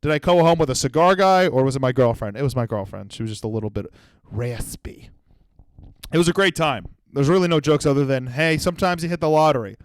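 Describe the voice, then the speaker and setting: Young man, comedy podcast host, rambling profane stories, smooth clear voice, dry close sound. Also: medium pitch, animated, quick pace, no room sound. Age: 20s. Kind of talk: solo comedy podcast monologue.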